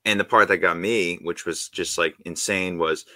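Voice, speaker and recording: A man co-hosting a podcast in casual chat, excited and rambling with lots of fillers and restarts. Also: low voice, moderate pace, no room sound, studio quality. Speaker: podcast co-host.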